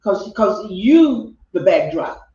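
A woman's voice: mid-range voice, big pitch swings, slow pace, warm tone. Earnest woman on a distant call. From Texas. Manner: earnest, repeats phrases for emphasis. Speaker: guest life coach. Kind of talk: heartfelt personal storytelling. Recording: roomy, distant, dull video-call audio.

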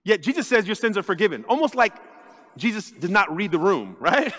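High-voiced preaching man in a reverberant church. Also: brisk. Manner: animated preaching, acts out quoted voices, jokes with the congregation. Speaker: lead pastor. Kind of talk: sermon. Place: church sanctuary.

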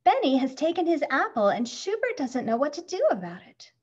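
A woman reading a children's picture book aloud, expressive and acting out the sound words. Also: high voice, brisk. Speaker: storybook reader. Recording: muffled lo-fi recording.

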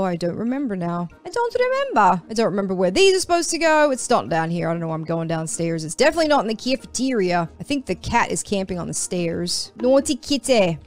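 A young woman casually commenting on her own play in an online game, chatty and playful, talking to the other players. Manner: squeaky sing-song voice when chasing players. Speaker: gaming streamer.

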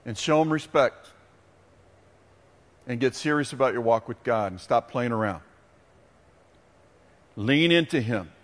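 Animated male pastor preaching in a reverberant hall. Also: medium pitch, unhurried, pauses often. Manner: animated storytelling that turns quiet and earnest. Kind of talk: sermon.

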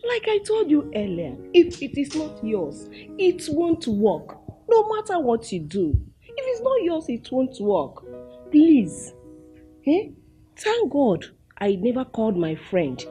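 A woman's voice: on the high side, big pitch swings, takes it slowly, dark tone. An actress with a Nigerian accent playing a persistent middle-aged mother who soothes and pleads with her daughter, with film music behind. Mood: coaxing. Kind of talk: Nollywood film acting.

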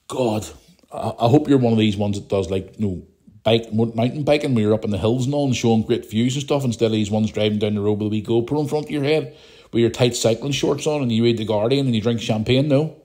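A man's voice: mid-range voice, fast, dark tone. A Northern Irish man hosting a podcast, chatting casually in a rambling, teasing way. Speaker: podcast host.

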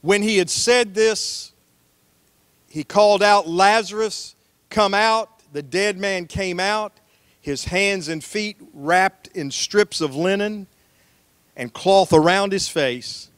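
A man's voice: high-pitched, takes it slowly, no echo. A man preaching a sermon as pastor, telling stories in a folksy way and acting out the voices he quotes.

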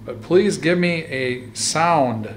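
A man investigating a haunted hospital at night, talking in a hushed voice, often whispering, and calling out to spirits in a cold dark basement. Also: a little high, slow, a little hiss or hum. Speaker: paranormal investigator. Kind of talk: ghost hunting vlog commentary.

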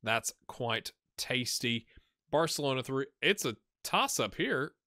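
A man hosting a let's-play video, chatting casually and thinking aloud as he plays, getting excitable when things go well. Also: mid-range voice, slow pace, dry recording, clean studio sound. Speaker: gaming channel host.

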